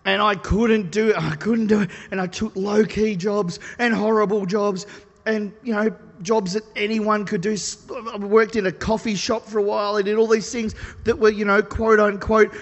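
A man preaching a sermon, telling stories in an animated, self-deprecating way. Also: high voice, normal speed. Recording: long reverb of a large hall.

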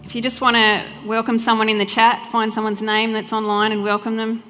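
A woman preacher delivers a heartfelt, fervent sermon with casual asides. Her voice carries a long church-hall reverb. Soft music plays faintly underneath. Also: on the high side, level tone, brisk. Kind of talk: live church sermon with prayer. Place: church hall during a live service.

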